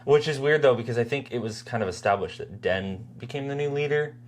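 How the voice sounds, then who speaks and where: A woman's voice: rumbling low, brisk, darkish tone, slight background noise. A young adult woman co-hosting a podcast in casual chat, talking with lots of fillers and frequent laughs. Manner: chatty, laughs often, full of "like" fillers. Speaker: podcast co-host.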